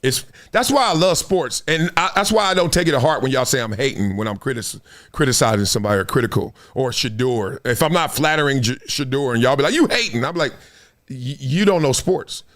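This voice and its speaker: A man's voice: medium pitch, quick pace. A middle-aged man hosting his own show, chatting casually with his audience, laughing and acting out voices. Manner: animated, acts out voices, laughs often. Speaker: show host. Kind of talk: casual chat to a live audience.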